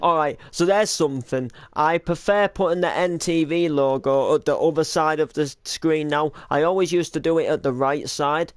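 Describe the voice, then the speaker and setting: A man's voice: a little high, normal speed, few pauses, smooth, dry recording. A young British man hosting a casual reaction to his old videos, rambling with lots of likes and restarts.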